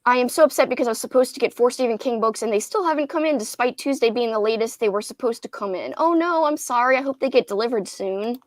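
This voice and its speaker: Young woman host, chatty and giggly, higher voice, dry close sound. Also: fast, few pauses, no room sound. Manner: chatty, giggly, reads viewer comments aloud. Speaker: booktube livestream host. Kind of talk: casual livestream chat.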